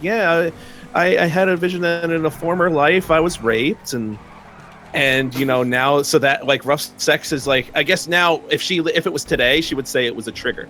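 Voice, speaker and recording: A man's voice: on the high side, a bit bright, a little hiss or hum. A young man telling a long personal story in casual chat, rambling with many fillers and frequent laughs.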